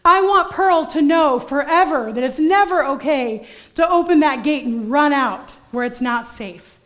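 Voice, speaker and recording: Young woman pastor, high voice, animated storyteller delivering a sermon. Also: a little slow.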